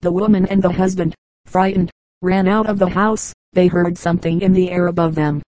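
This female audiobook reader narrates old folk tales with a measured, calm delivery, her low, level voice carrying an unhurried, mellow warmth. Captured close and dry with no room sound, the recording is of low quality.

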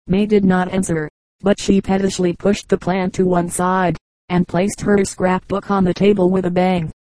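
Woman reading a storybook, low and flat. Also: normal speed, dry recording, rough recording. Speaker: audiobook reader. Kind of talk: storybook narration.

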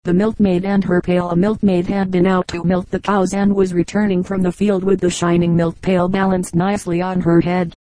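A narrator reading fables aloud in an even, measured storytelling manner. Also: medium pitch, dry recording, low-quality recording. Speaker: audiobook narrator.

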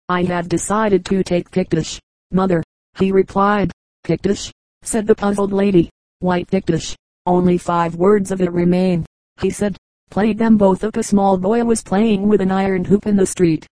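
A woman's voice: mid-range voice, warm tone, no echo, rough recording. Woman reading a humor audiobook, dry sound. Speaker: audiobook reader.

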